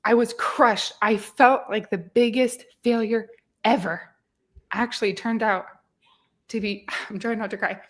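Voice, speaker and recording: A woman's voice: on the high side, fairly even intonation, measured pace. A woman in her thirties hosting a fitness podcast, talking earnestly and motivationally about failure and perseverance. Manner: earnest, motivational, self-reflective. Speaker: fitness podcast host and coach. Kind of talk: casual podcast chat.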